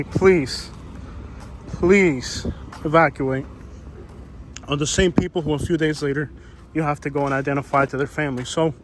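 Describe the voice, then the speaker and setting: A man talks his way through a walking outdoor vlog, loose and rambling, full of ums and uhs. His voice sits a bit high for a man. Faint street noise hums behind him. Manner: chatty, rambling with many fillers. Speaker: YouTuber. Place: outdoors on a storm-damaged street.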